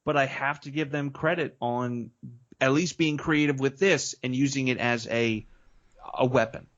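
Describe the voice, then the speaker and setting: A man's voice: mid-range voice, steady tone, moderate pace, a bit bright, muffled recording. A man appearing as a guest on a film podcast, chatty and opinionated, talking in a loose, slangy way. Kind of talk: casual film-review chat.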